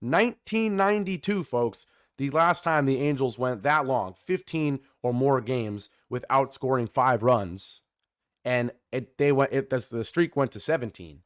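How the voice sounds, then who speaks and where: A man's voice: mid-range voice, a little slow, no echo, studio quality. Young man hosting a sports podcast. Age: 20s. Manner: energetic, chatty, often addresses listeners as folks; restarts and corrects himself mid-sentence. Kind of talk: solo sports podcast commentary.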